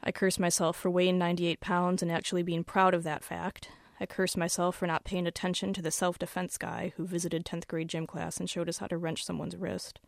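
Woman reading fiction, wry and low. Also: level tone, vocal fry, no room sound, studio quality. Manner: wry, measured storytelling. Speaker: author. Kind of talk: reading her own first-person fiction.

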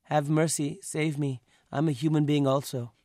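A man's voice: a little high, level tone, normal speed, mellow, dry recording, clean studio sound, natural voice. A man reading a story aloud, voicing a dying robber who begs weakly for mercy. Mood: pleading. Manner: weak, begging. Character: dying desperate male robber, pleading.

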